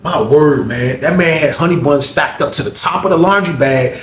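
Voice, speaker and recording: A man telling a story in an animated, profane way, acting out the voices of the people in it, recorded in an echoey room. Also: medium pitch, brisk, gravelly, hardly any pauses, a little hiss or hum.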